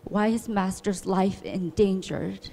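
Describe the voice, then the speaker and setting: A woman disciple asks her teacher a question slowly and hesitantly, with many fillers. Her voice carries a long reverb from a large hall. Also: medium pitch, steady tone, gravelly, warm tone.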